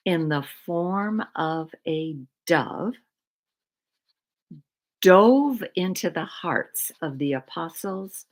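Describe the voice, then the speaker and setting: Low-voiced woman talking real slow and thoughtful, repeats words, long pauses. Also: low-quality recording. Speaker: speaker on mindful living. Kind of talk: slow reflective talk.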